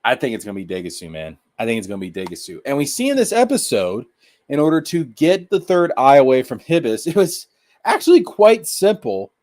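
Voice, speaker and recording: A man hosting a casual live-stream anime review, talking excitably in slang and repeating his points. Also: medium pitch, fairly quick.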